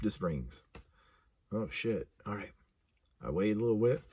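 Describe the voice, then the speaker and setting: A man telling a personal story casually, animated and laughing, with vivid sound effects. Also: on the low side, measured pace, pauses often, slightly rough, dry recording. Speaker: speaker.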